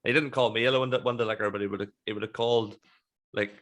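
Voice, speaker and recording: A man's voice: lowish voice, fairly even intonation, fast, a bit bright. A man hosting a podcast, chatty, laughing often and swearing casually. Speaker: podcast host. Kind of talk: casual chat.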